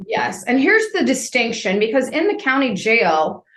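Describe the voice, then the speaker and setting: A woman's voice: a little high, very animated, moderate pace, fairly bright tone, reverberant. A woman in her fifties telling her story as a podcast guest, vividly acting out scenes as she goes.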